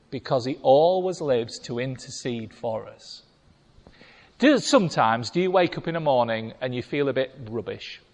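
High-voiced, lively preacher in echoing hall. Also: male voice. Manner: emphatic, rhetorical questions to congregation. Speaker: pastor. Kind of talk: sermon. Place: church hall. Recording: long reverb of a large hall.

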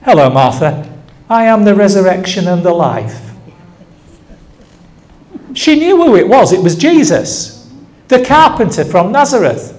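Older male preacher, high and animated, storytelling sermon with rhetorical questions.

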